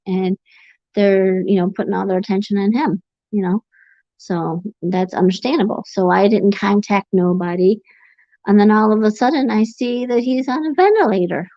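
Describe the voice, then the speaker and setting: A woman hosting a casual livestream chat, talking in a rambling, halting way with sighs between her thoughts and answering viewers as they come in. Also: mid-range voice, a little mellow, dry recording, muffled recording. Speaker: livestream host reading chat.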